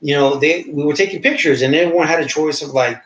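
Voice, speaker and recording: A man's voice: quick pace, a bit bright. A man in his thirties telling a story in casual podcast chat, acting out the quoted voices as he goes. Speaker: podcast co-host. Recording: roomy, dull low-fi sound.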